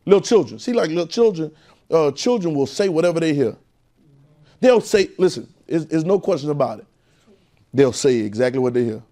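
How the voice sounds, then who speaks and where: A man's voice: a little high, lively intonation, moderate pace, mellow. A man teaching a Bible class in a preaching style, repeating phrases and calling out questions to the room. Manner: call-and-response, repetitive, emphatic.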